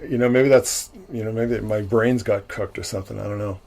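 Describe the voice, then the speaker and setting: A man's voice: fairly low pitch, steady tone, a little fast, creaky, a little mellow. A man hosting a livestream, recapping a film in a casual, rambling way with many restarts and frequent chuckles. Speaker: livestream host. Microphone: livestream mic.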